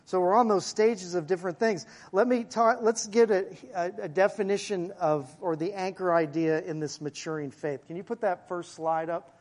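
A male pastor preaching a sermon in a conversational way, with asides to the congregation and slowing down to stress key phrases. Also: sits high, steady tone, a little mellow.

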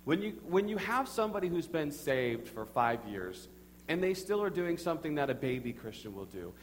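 A young adult man preaching a sermon, who tells stories and leads his congregation in call-and-response. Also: on the high side. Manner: animated, addresses the congregation directly; storytelling with audience prompts. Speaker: pastor. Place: church sanctuary with congregation. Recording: reverberant hall with faint hum.

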